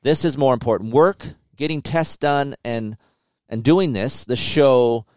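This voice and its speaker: A man in his forties co-hosting a podcast, telling his story in a casual, animated and impatient way, with many restarts. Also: medium pitch, a little slow, no room sound, clean studio sound. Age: 40s. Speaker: podcast co-host. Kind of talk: casual chat.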